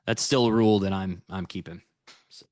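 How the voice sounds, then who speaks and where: Easygoing American man, low voice. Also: fairly even intonation, fairly quick, darkish tone, dry recording, studio quality. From United States. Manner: rambling and easygoing, chatting with viewers. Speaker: futures trader streaming live. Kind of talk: casual livestream chat and trade review.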